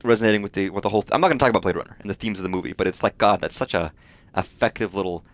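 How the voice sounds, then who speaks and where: A man with a lowish voice talks at a racing pace while streaming a game live. His chat is casual and rambling, peppered with swearing and full of fillers.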